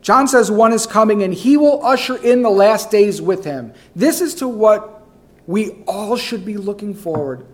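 Male pastor, sermon, high-pitched voice, emphatic, repeats phrases, soft asides then loud rising calls. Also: lively intonation, measured pace.

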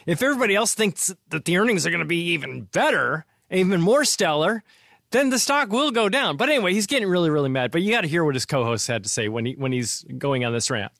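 A man's voice: a little high, fast, gravelly, no room sound, clean studio sound. Chatty man hosting a money podcast. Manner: chatty, laughs often, animated retelling. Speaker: podcast host. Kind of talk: casual financial commentary.

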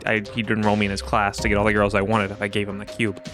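A man improvising a smug young male online crank in a comedy sketch, talking in a flat, matter-of-fact way. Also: fairly low pitch, fast talker, music in the background, lightly acted. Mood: deadpan. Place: room shared with co-hosts.

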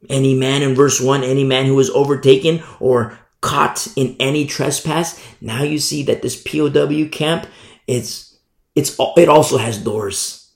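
Emphatic preacher man, gravelly voice. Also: mid-range voice, roomy sound. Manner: emphatic preaching, swings from loud to hushed; mimics sinners in quoted asides. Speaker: pastor. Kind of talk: sermon.

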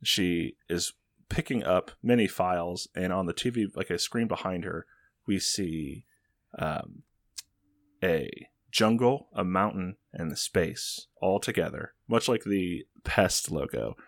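A young man with a very deep voice tells a loose, rambling story for a comedy podcast, stacking up filler words as he goes. The sound is dry and close, with no room echo. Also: animated, slow. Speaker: podcast co-host pitching a movie sequel. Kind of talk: casual comedic chat.

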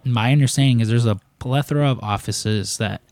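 A man's voice: mid-range voice, a little fast, darkish tone, dry recording. A young man co-hosting a podcast, telling a long story in casual chat and swearing freely as he rambles. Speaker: podcast co-host.

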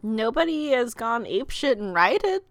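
A woman's voice: on the high side, big pitch swings, moderate pace, a little hiss or hum. A woman co-hosting a podcast in casual chat, joking and sarcastic. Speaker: podcast co-host.

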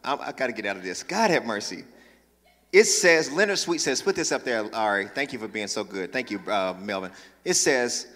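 A man preaching a sermon as pastor, talking with lively energy, joking asides with the congregation and emphatic calls to action. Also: medium pitch, a little fast. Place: church sanctuary. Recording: long reverb in large church.

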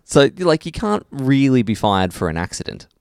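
A man's voice: medium pitch, very animated, normal speed, vocal fry, smooth, dry recording. A young Australian man in casual chat as a podcast co-host, joking in a dry, teasing way and spinning mock scenarios.

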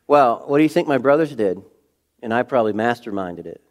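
A middle-aged man preaching a sermon in a conversational way, full of rhetorical questions, swinging between loud emphasis and hushed moments. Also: mid-range voice, expressive, brisk. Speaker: pastor.

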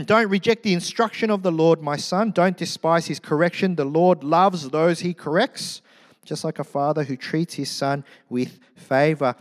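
Animated pastor preaching. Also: male voice, a little high, normal speed, long reverb tail. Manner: animated, joking, swings from loud to hushed. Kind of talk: sermon. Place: church.

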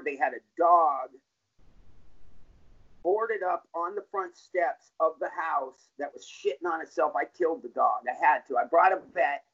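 A man's voice: on the high side, fairly bright tone, breathy edge. A middle-aged man telling his life story in an interview, blunt and profane, in plain street talk. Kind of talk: candid personal storytelling. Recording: dull lo-fi recording.

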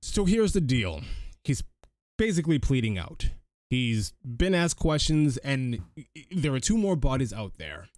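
Male podcast host, animated recap delivery, dry close-miked sound. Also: medium pitch, measured pace, no room sound. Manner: animated storyteller, frequent restarts. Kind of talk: casual film recap chat.

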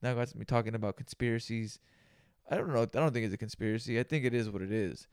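A man with a gravelly, fry-laden voice rambles through a casual solo podcast rant, high and full of slang and swearing. The sound is close and dry, with no room around it. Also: fast, a little mellow, no echo. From United States. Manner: profane, loose, slangy ranting. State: high on cannabis.

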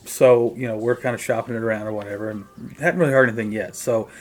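A man's voice: lowish voice, fairly even intonation, fast talker. A middle-aged man, a drummer, casually recounting his band days in an interview, mimicking the people he quotes. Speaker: guest musician, drummer.

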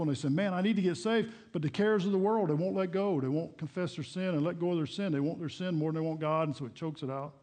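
A man's voice: fairly high pitch, warm tone. An older man preaching a sermon as pastor, in a folksy, conversational way, often rising and dropping his voice. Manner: folksy, conversational preaching with shifting volume and pace. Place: church.

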